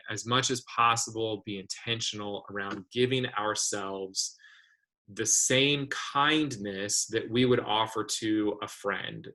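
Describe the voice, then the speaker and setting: A man hosting a webinar leads an online community discussion in a low voice that still sounds crisp and forceful. He speaks thoughtfully, pausing on fillers and restarting phrases, heard through a video call in a low-quality recording.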